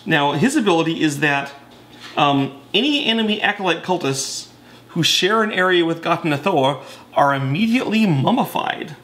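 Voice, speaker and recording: A man with a slightly higher voice walks through board game rules in a relaxed, conversational way. He stumbles, corrects himself and leans on fillers as he explains each piece. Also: moderate pace. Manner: chatty, self-correcting, with many fillers.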